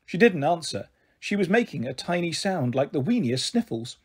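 Guy reading a kids book out loud, husky voice, super lively ups and downs. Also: on the high side, moderate pace. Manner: expressive, animated reading with voiced characters. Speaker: storyteller. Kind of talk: reading a children's book aloud.

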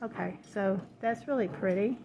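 Opening happy mail at home, a woman who vlogs about crafting chats in a mid-range voice at normal speed, thrilled by everything she finds. The background is noisy, with crinkling paper and dogs around the house.

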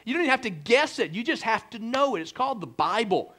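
Man, high voice, pastor giving a jokey sermon, animated and chatty. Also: fast, hardly any pauses. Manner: joking, animated, fillers like "like" and "right?". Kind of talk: humorous sermon. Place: church sanctuary.

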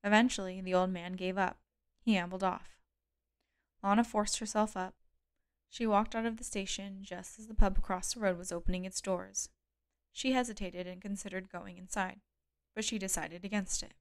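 A woman reading an audiobook aloud in a calm, measured way, close to the mic. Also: medium pitch, smooth, dry recording. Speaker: audiobook reader. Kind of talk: audiobook narration.

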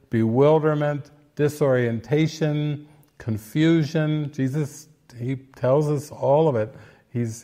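A man's voice: medium pitch, mellow. A man giving casual spiritual commentary in an earnest, playful way, now and then acting out little quoted voices.

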